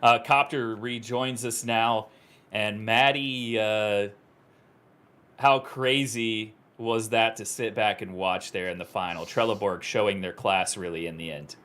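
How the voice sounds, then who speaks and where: A man commentating live on an esports final, his voice climbing high at big moments. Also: steady tone, unhurried, fairly bright tone.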